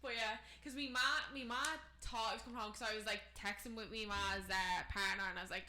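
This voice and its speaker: A woman's voice: medium pitch, steady tone, a little fast, hardly any pauses, bright, forceful tone, roomy sound. A young Irish woman with a Dublin accent, co-hosting a casual podcast and telling a long, rambling story. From Ireland. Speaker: podcast co-host. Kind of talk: casual chat.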